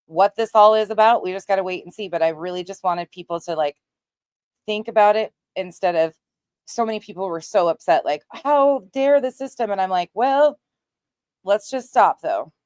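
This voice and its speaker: Woman livestream host: low voice, chatty and blunt, dry close mic. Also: a little fast, a little mellow, clear, resonant tone, no echo. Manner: chatty, greets viewers by name; blunt, swears casually. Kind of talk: casual livestream chat.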